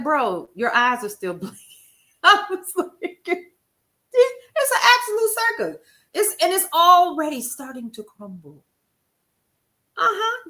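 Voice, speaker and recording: A woman talks to her livestream audience in a relaxed, folksy way. Her voice sits a little high and sounds bright and forward. She tells stories with animated, quoted asides and calls out names from the chat. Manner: expressive, folksy, animated storytelling with chat shout-outs. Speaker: livestream host. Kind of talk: casual livestream talk to viewers.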